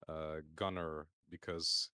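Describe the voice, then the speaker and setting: A man's voice: very deep voice, level tone, slow, pushed and bright, dry recording. A man chatting casually on a stream roundtable, talking in a rambling, hesitant way full of fillers and restarts, over a call mic. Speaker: community roundtable guest. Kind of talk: casual panel chat on a stream.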